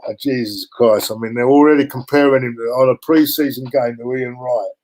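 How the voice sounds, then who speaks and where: A man with a mellow, relaxed tone chats about football. He is an animated storyteller who mimics fans and keeps breaking into exclamations. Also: mid-range voice, normal speed, slight background noise, poor audio. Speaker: guest on a live chat show. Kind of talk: casual football chat.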